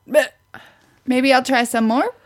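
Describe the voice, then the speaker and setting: High-voiced chatty woman. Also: steady tone, unhurried, a little hiss or hum. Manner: chatty, giggly, asks questions. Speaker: podcast co-host. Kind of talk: casual chat.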